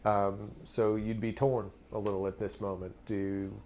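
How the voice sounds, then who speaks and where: A man's voice: fairly low pitch, little pitch movement, a little slow, a little mellow, slight background noise. A man running a tabletop game as game master, narrating scenes and asking players for decisions in an amused, easygoing way.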